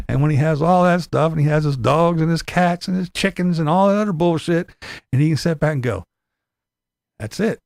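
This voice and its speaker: A man's voice: a little high, brisk, creaky, darkish tone, dry recording. A man hosting a livestream, ranting in profane, mocking commentary and laughing often. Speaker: livestream host.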